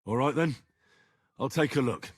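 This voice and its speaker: An actor playing a wry, skeptical young man with a husky voice in a game. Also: mid-range voice, normal speed, close to an everyday voice. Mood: dry.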